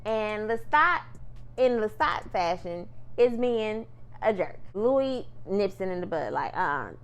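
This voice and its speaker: A woman's voice: mid-range voice, lively intonation, takes it slowly, lo-fi sound. A woman chatting through a TV episode recap in a sassy, playful way, often calling the viewer "girl". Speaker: TV recap vlogger.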